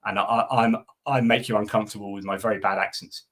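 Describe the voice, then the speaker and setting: A man's voice: fairly low pitch, steady tone, quick pace, a bit bright. A middle-aged man hosting a live stream, chatting casually and answering viewer comments, with lots of fillers and restarts. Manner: rambling, many fillers and restarts.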